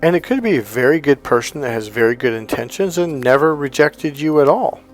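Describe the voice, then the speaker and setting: A man's voice: mid-range voice, lively intonation, fairly quick, faint music behind. A man, a life coach, teaching casually, often acting out what clients say. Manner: conversational, acts out quotes of clients.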